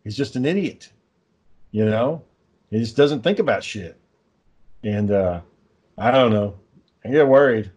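A man's voice: fairly low pitch, measured pace, long pauses, breathy edge. A man hosting a podcast, telling a long story in casual chat, swearing often and sounding exasperated. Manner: profane, exasperated, lively storyteller. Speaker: podcast host.

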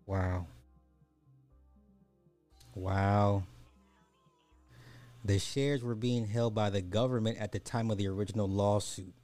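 A man's voice: lowish voice, fairly even intonation, takes it slowly, long pauses, darkish tone, faint music behind. A man hosting a podcast of casual social commentary, blunt and slangy, swearing freely as he gives his opinions. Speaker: podcast host.

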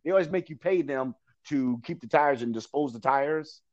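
A man's voice: a little high, normal speed, lo-fi sound. A man giving motivational advice as an interview guest, earnest and repetitive, preaching with frequent laughs.

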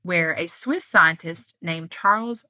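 A woman co-hosting a podcast, telling a story in a casual, animated way and acting out the people in it. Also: fairly low pitch, takes it slowly, dry recording. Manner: animated, acts out quoted characters, laughs often.

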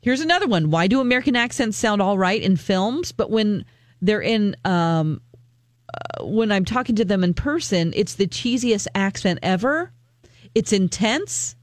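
A woman's voice: mid-range voice, expressive, moderate pace, dry recording, clean studio sound. A woman vlogger chatting casually as she reads viewer comments aloud, with frequent ums as she reacts to them.

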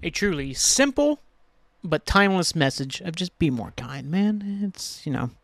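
A man's voice: on the high side, big pitch swings, unhurried, fairly bright tone, no echo. A man hosting a solo podcast, rambling casually and ranting with lots of swearing. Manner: rambling and ranty, swears freely. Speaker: podcast host.

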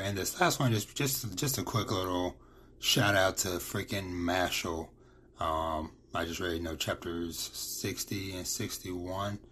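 A man's voice: low-pitched, fairly bright tone, breathy edge. A man giving a casual, rambling recap of manga chapters, full of fillers and quoted lines.

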